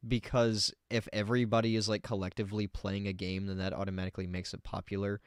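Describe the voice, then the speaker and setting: A man's voice: lowish voice, level tone, fast, smooth, dry recording, studio quality. A man streaming himself reacting to a video, rambling casually and arguing back at what he hears.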